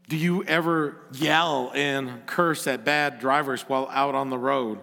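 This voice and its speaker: A man's voice: medium pitch, steady tone, a little slow, creaky, hardly any pauses, sharp tone, in a large hall. A middle-aged male pastor preaching a sermon, earnest and at times rising to emphatic exhortation.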